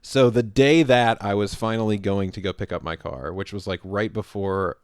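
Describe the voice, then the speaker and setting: A man with a fairly low voice tells a rambling story on a podcast. He acts out the quoted lines and laughs a lot. The sound is dry and close to the mic. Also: moderate pace, clear, resonant tone, dry recording. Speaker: podcast co-host. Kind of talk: casual storytelling chat.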